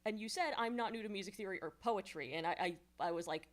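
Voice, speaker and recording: A woman's voice: mid-range voice, fast talker. A woman giving casual songwriting feedback on a livestream, rambling and explanatory with many fillers and restarts.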